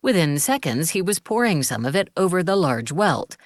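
A woman narrating an audiobook in an even storytelling manner. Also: lowish voice, normal speed, dry recording, clean studio sound. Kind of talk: scripted narration.

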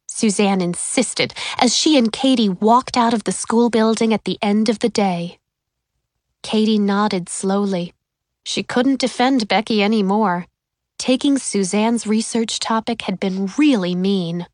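A woman reading a children's chapter book aloud as audiobook narrator in clear, even storytelling. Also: mid-range voice, takes it slowly, no echo, clean studio sound. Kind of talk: scripted narration.

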